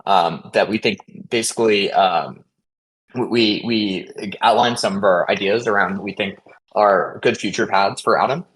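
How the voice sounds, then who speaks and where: A man giving a casual update on a community voice call, talking quickly with lots of fillers and restarts. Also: fairly low pitch, a bit bright, low-quality recording. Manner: hesitant, many fillers and restarts; fast, caffeinated talk. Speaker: protocol contributor hosting a community call.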